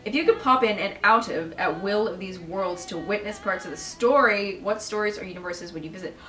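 A woman's voice: mid-range voice, a little fast, fairly bright tone, roomy sound, far from the mic, rough recording. Candid, swearing young woman vlogger. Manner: candid and emotional, swears freely. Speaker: vlogger answering viewer questions. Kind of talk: casual Q&A chat.

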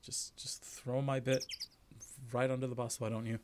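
A man's voice: medium pitch, level tone, moderate pace, darkish tone, slight background noise. A man casually commentating a game stream, joking and reading the on-screen text aloud. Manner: joking, reads place names aloud. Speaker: let's play streamer.

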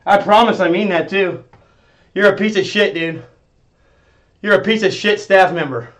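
A man streaming live, ranting at his chat in a profane, confrontational way, swinging between muttering and yelling. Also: high-pitched, normal speed. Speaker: livestreamer.

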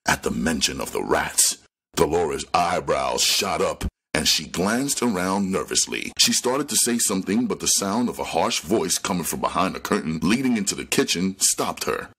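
A man reading a crime novel aloud with expressive storytelling narration. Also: low-pitched, normal speed, breathy edge. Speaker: audiobook reader.

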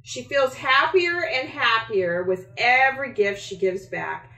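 Woman author reads her kids' book aloud, unhurried and expressive, roomy echo. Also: a little high. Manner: slow, expressive storytelling. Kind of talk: reading a picture book aloud. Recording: echoey room.

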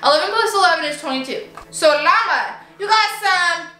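A woman vlogger unboxing toys in a casual, gushing and excitable way, chatting to her stuffed animals as she goes. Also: very high voice, moderate pace. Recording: echoey room with faint music.

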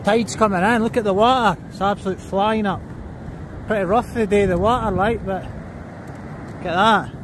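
A man's voice: sits high, steady tone, moderate pace, pauses often, background noise. Sweary Scottish man walking his dog. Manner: blunt, sweary, commanding the dog. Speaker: dog trainer vlogger. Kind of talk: livestream vlog while walking a dog. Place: outdoors on a seafront by a road.

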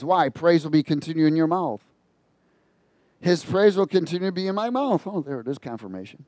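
A man preaching an informal sermon on a psalm in an animated, mocking way, laughing at his own asides. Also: on the high side, a little fast, dry recording.

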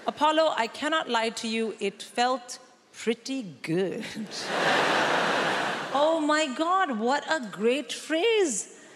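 A woman's voice: on the high side, very noisy. A middle-aged woman performing a stand-up comedy set, punchy and conspiratorial, mock-lecturing the crowd. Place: large theatre stage. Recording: live theatre hall with audience.

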